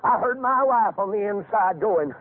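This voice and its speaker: An older man preaching a fiery revival sermon, folksy storytelling that climbs into shouted exhortation. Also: high-pitched, lively intonation, moderate pace. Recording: tinny phone-like lo-fi recording.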